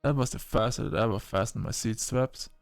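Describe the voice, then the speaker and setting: A man narrating a first-person science fiction story in an expressive manner, breaking off into short exclamations. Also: on the low side, normal speed, creaky, no echo, soft background music.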